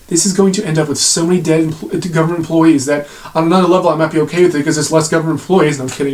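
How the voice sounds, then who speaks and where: A man's voice: a little high, fairly even intonation, racing, hardly any pauses, a little mellow. A man giving blunt, sarcastic commentary to camera, swearing freely as he rants. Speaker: video commentator.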